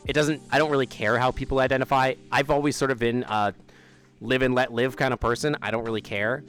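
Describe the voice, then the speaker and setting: A man live-streaming from outdoors in a loose, rambling chat, often breaking into laughter and leaving sentences unfinished. His pitch sits in an ordinary middle range, and faint music plays in the background. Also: fairly even intonation, brisk, a bit bright. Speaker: livestreamer. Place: outdoors near an amphitheater.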